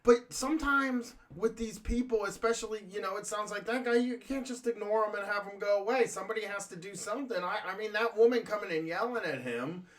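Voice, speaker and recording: A man with a notably high voice chats casually alongside a host. He rambles and hesitates, circling his point with fillers. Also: fairly quick, hardly any pauses, fairly bright tone. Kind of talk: casual chat.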